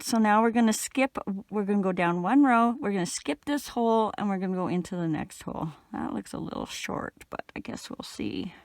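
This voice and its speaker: A middle-aged woman from Canada giving a relaxed, chatty step-by-step crochet tutorial while she works. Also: mid-range voice, no echo, clean studio sound. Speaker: crochet instructor.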